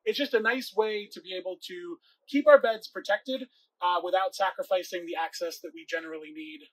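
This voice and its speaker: Guy with a high husky voice, joking around while showing off his garden build. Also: fairly quick, rough recording. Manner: chatty, self-mocking, jokey. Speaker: co-host. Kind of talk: casual DIY gardening vlog.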